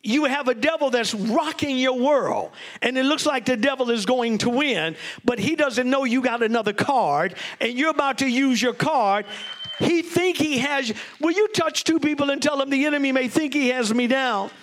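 A man with a notably high-pitched voice preaches a sermon. He leads the congregation in call-and-response and gets openly excited over his points, mixing jokes into the teaching. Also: moderate pace. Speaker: bishop preaching.

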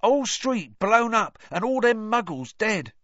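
A man voicing a brash, chatty young bus conductor, loud and excitable, on a dull lo-fi audiobook recording. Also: high-pitched, a little slow, no room sound, voice pushed up, exaggerated voice. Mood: gossipy. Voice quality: loud, excitable, dropped grammar.

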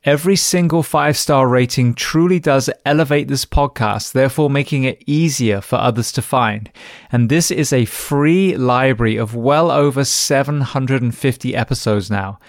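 This podcast host, a man from England's West Country, speaks with an English accent carrying some American influence. He interviews with earnest enthusiasm in a mid-range voice at normal speed, captured in studio quality with no room sound.

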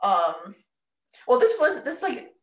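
A woman's voice: on the high side, very animated, slow pace, roomy sound. A woman in casual podcast chat who answers with short, wry reactions. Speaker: podcast co-host.

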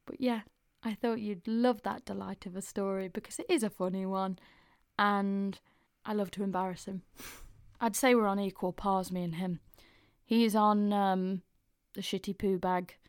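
A woman's voice: medium pitch, a little mellow, no echo, studio quality. Giggly, sweary woman telling stories. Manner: chatty, giggly, swears freely. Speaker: podcast host. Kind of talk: casual podcast storytelling.

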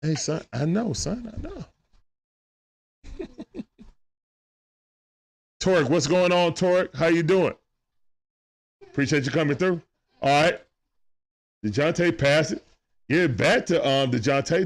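A man's voice: a little high, a little slow, pauses often. A man giving casual play-by-play of a basketball game on a live stream, greeting viewers in chat and talking aside to his son. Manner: animated, greets chat viewers between plays.

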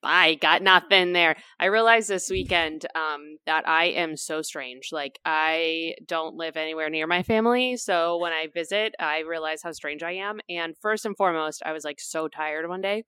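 A young woman co-hosting a podcast, telling stories in a relaxed, casual way and laughing easily. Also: low voice, normal speed, hardly any pauses, clear, resonant tone, no room sound. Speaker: podcast co-host. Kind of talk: casual book discussion chat.

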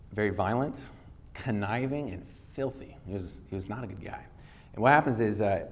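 A man's voice: fairly low pitch, slight background noise. A male pastor giving a sermon, retelling a scripture story in casual everyday words and reading verses aloud.

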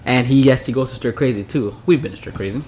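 Animated man telling a barbershop story. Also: mid-range voice, fast, a little hiss or hum. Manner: animated storyteller, laughs through punchlines. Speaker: podcast co-host. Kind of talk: casual drinking-podcast chat.

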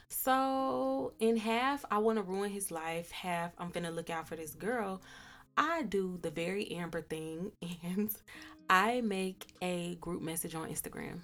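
A woman's voice: on the low side, a little slow, faint music behind. Profane, laughing woman telling a story. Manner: animated, profane, laughs often. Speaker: podcast host. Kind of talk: casual storytelling.

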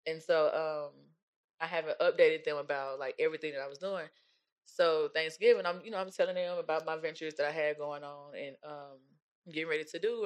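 Young female co-host, relaxed and slangy, storytelling in a casual conversation. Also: low-pitched, brisk. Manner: laid-back slangy storytelling, mimics relatives. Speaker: podcast co-host, pole dancer. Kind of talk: casual chat.

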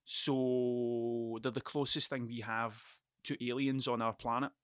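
A man with a Scottish accent telling a story in casual conversation, animated and full of swearing, and laughing often as he goes. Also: mid-range voice, slow, clear, resonant tone, no echo, studio quality. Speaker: podcast host.

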